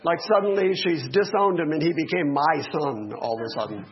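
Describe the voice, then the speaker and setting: A middle-aged male pastor preaching a sermon, animated, with joking asides to the congregation. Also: a little high, fairly quick. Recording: dull lo-fi recording.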